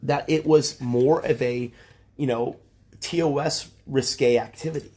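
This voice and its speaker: A man's voice: medium pitch, fairly even intonation, a little slow, a little mellow. Exasperated man lecturing, swearing. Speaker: streamer. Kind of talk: heated argument on a livestream.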